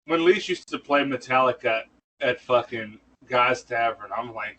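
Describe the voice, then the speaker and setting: A man's voice: medium pitch, steady tone, a little slow, bright, forceful tone, slightly rough. A man co-hosting a podcast who breaks in with rowdy, teasing remarks. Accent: Western Pennsylvania. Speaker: podcast co-host. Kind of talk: casual chat. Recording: slightly distant mic with faint noise.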